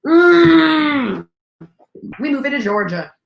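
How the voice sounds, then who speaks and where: Lively, chatty woman host in a roomy room. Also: on the high side, a little fast, dull audio. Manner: animated and talkative, jumps between topics. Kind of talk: casual chat on a live stream.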